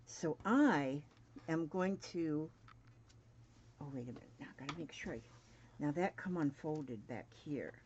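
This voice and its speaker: An unhurried woman in her seventies with a low voice who chats and mutters to herself as she works through a sewing demonstration. She was recorded on a dull, lo-fi home setup with faint noise in the background. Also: expressive, a little mellow. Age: 70s. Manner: chatty, mutters to herself while working. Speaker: crafting vlogger.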